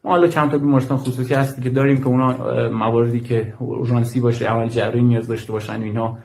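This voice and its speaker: A man from Iran working in medical aid, speaking in a measured way and deliberately repeating key points in a played clip. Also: mid-range voice, level tone, gravelly, darkish tone, low-quality recording. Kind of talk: recorded statement in a played clip.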